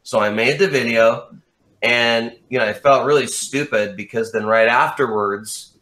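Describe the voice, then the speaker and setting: Bright-voiced man telling a story. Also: mid-range voice, unhurried. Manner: animated storytelling, swears freely. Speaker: interview guest. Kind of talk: casual chat.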